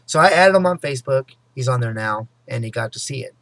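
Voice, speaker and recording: Gravelly-voiced man telling a rambling story. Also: medium pitch, animated, no echo. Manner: rambling, full of "you know" and "anyway"; talks fast and loud at times. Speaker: vlogger. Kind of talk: casual personal storytelling to camera.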